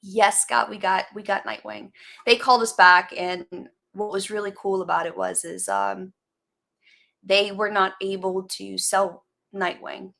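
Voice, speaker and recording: Woman rambling on her livestream, saying hi to viewers by name, kinda gravelly voice. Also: medium pitch, steady tone, measured pace, a bit bright. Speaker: livestream host chatting with viewers. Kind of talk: casual live chat.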